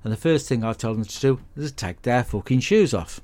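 Sweary deadpan bloke. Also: male voice, mid-range voice, fairly quick. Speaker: podcast host. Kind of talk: comic monologue with film recap.

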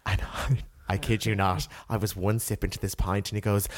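A young man with an Irish accent, telling a story on a podcast in a lively, sweary way and acting out what people said. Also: fairly low pitch, normal speed, few pauses. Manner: animated, sweary, acts out quotes. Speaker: podcast co-host. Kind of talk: casual chat, storytelling.

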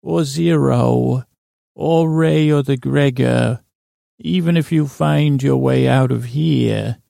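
A man's voice: medium pitch, takes it slowly, gravelly, mellow, no echo, clean studio sound. A man voicing a manipulative female vine spirit, coaxing in a silky, wheedling way. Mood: threatening. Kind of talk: improvised comedy voice acting.

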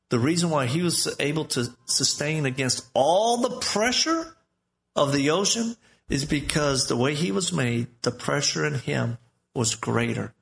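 Gravelly man preaching a sermon. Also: a little high, a bit bright. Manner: conversational storytelling preaching. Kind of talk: live sermon.

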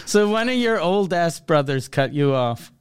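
High-voiced joking man. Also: moderate pace, clean tone, dry recording, clean studio sound. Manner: joking, deadpan one-liners. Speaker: podcast co-host. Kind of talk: casual comedic banter.

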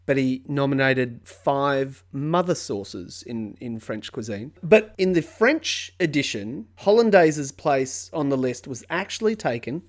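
Quiz host, patient, explanatory, hint-giving, podcast style, mid pitch. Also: expressive, measured pace, few pauses.

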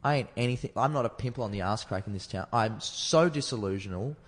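An Australian comedian with a mid-range voice talks quickly, with a long reverb tail on the audio. As a guest in a casual chat, he tells a personal story candidly and ramblingly, swearing freely.

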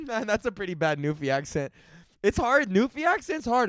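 A man's voice: sits high, very animated, moderate pace, fairly bright tone, no echo. A man hosting his own comedy podcast, ranting alone in a loose, profane way and often laughing at his own jokes. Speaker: podcast host. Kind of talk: solo comedic rant.

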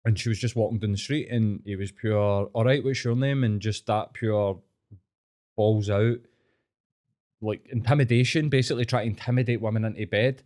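A man's voice: on the low side, moderate pace. A Glaswegian man hosting a podcast, telling stories in casual chat and swearing heavily as he goes. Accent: Glaswegian Scottish. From Scotland. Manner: heavy swearing, animated storytelling. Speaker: podcast host.

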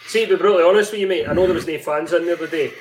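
A man's voice: on the high side, rapid-fire, slight background noise. Blunt sweary Scottish man, roomy. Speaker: podcast co-host. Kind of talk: casual chat.

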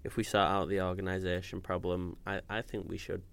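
Co-host: man, very deep voice, loose stop-start fan chat. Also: little pitch movement, brisk, vocal fry, no room sound. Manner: casual, repeats words when starting. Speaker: podcast co-host. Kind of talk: football fan podcast chat.

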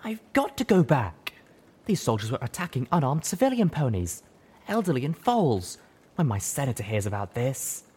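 A man's voice: mid-range voice, sing-song, moderate pace, darkish tone, husky, pitched above the performer's own voice. A man voicing a wounded pegasus mare who speaks weakly and wheezes. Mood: distressed. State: weak and wheezing. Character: wounded white pegasus mare, weak but defiant.

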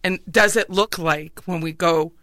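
A woman co-hosting a podcast, telling stories in a lively way and often laughing. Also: on the low side, a little slow, no echo. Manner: animated storyteller, laughs often. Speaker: podcast co-host, realtor. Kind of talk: casual chat.

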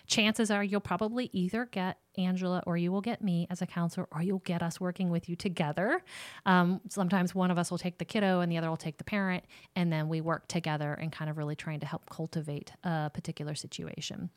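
Woman counselor, smooth lowish voice, direct casual talk to parents. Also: fairly even intonation, fast talker, no echo. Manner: warm, direct, talks straight to moms. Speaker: ministry counselor and host.

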